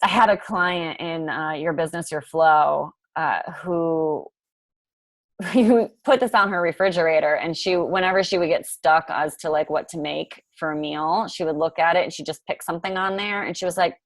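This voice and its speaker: A woman's voice: deep voice, moderate pace, no echo. A woman coaching a group in casual chat, talkative, laughing easily and filling with "um" and "like". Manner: chatty, laughs often, lots of fillers. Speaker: coach hosting a group call.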